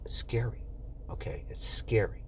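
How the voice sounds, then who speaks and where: A man's voice: normal speed, in a whisper. A man in his fifties from New Jersey, a nurse vlogging in a blunt, profane, casual way and acting out the people he quotes. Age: 50s. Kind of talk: casual straight-talk monologue.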